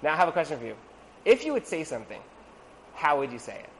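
A man giving a storytelling talk to an audience as a religious teacher, conversational and animated, acting out the people in his stories. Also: on the high side, quick pace, a little hiss or hum, poor audio. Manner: conversational, with frequent "like" and asides.

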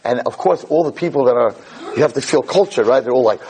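A man giving a Jewish lecture, telling a story in an animated, digressive way. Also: mid-range voice, fast, slight background noise, rough recording.

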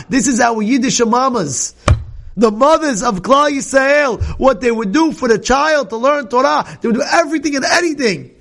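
A man teaching a Torah class to students in the room, telling stories with passion, sprinkling in Hebrew and Yiddish terms, and breaking into shouts at the peaks. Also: moderate pace. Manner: animated, bursts into shouting at the high points. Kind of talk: impassioned storytelling lesson. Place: live class with students present.

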